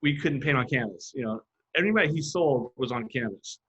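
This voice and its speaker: A man with a husky, slightly rough voice, recounting stories in a loose, animated way. He slips into other people's voices when he quotes them. The audio is a little dull, like a modest podcast setup. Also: mid-range voice, brisk. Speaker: graffiti artist guest. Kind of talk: casual storytelling.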